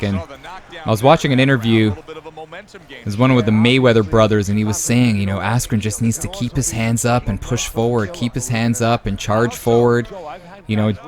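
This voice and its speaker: Excitable man calling a boxing game. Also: on the low side, normal speed. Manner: excitable, jumps to loud exclamations at big moments; casual, says "man" and "brother". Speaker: YouTube sports host. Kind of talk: casual play-by-play commentary of a boxing video game.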